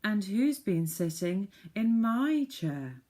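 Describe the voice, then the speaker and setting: A woman voicing a motherly mother bear in a storybook reading, measured and a little raised. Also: medium pitch, very animated, warm tone, pitched above the performer's own voice. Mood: puzzled.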